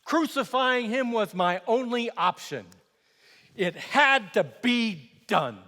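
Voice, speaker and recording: A self-justifying Roman governor holds forth in a slow, declamatory monologue. His voice is high, bright and animated, rising and falling widely. It rings out in a hall with a long reverb. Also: full character voice. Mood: defensive. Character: Roman governor, middle-aged man, defensive and self-justifying. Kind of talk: theatrical dramatic monologue.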